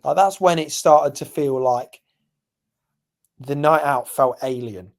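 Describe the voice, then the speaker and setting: A young man from England, co-hosting a podcast and telling stories animatedly, jumping from loud to hushed. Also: on the high side, slow pace, vocal fry. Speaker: podcast co-host. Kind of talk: casual chat.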